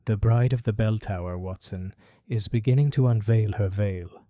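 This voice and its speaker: A cool-headed, sharp-eyed detective, played by a man in an audiobook mystery. He speaks in a crisp, measured way and presses gently with his questions. His voice is low, mellow and dry. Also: dry recording, close to an everyday voice. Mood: assured. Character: keen, cool-headed English male detective. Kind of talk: audiobook character voice.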